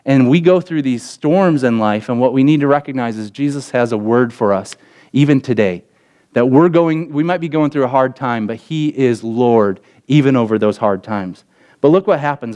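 A young adult man, a pastor, preaching a sermon and telling a story with lively acted quotes. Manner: storytelling with acted quotes, pitch jumping up in excited parts.

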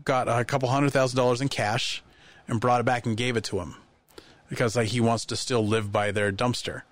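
A man's voice: medium pitch, steady tone, fairly quick, no room sound. Podcast guest, man, casual storyteller who acts out the voices in his anecdotes, dry studio mic.

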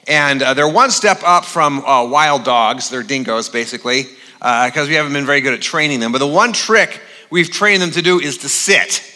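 The long reverb of a large hall surrounds this pastor as he preaches in a church auditorium. His voice is medium-pitched, pushed and bright, at a normal speed, and his humorous, conversational sermon is full of "uh" fillers.

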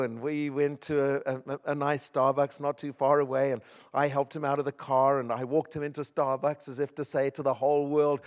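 A man's voice: medium pitch, little pitch movement, fairly quick. A middle-aged man preaching a sermon, telling personal stories in an earnest, emphatic way. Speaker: pastor.

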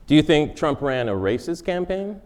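Wry man with a lively pitch. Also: normal speed. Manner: wry, laughs at his own jokes. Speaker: comedian giving a lecture. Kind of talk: comic lecture, self-interview. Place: large lecture forum before an audience.

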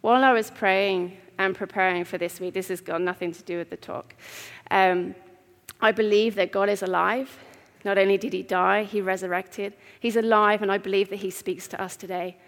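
A woman giving an earnest, heartfelt sermon in a church, with pauses. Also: mid-range voice, fairly even intonation. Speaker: preacher. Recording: long reverb of a church hall.

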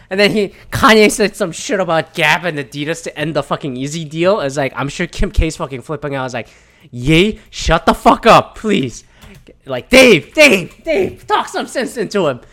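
Guy ranting about celebs, cussing a lot, kinda high voice, rambly with tons of fillers. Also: fairly bright tone. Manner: rambling, swears a lot, many fillers and restarts. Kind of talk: casual profane rant on celebrity news.

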